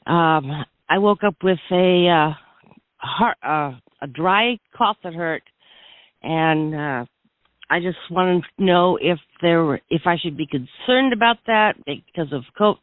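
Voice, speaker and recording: A woman's voice: fairly low pitch, no echo. A woman calling into a radio show, out of breath and anxious, stumbling over her words. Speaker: caller. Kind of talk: call-in radio talk. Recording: tinny phone line, dry.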